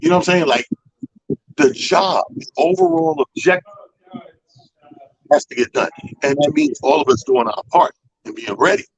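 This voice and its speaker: A comedy show organizer hosting a radio talk show casually recounts a profane story, animatedly acting out what others said. His voice is a little high, creaky and edged with breath, moving at a moderate pace with long pauses. The recording sounds dry and muffled.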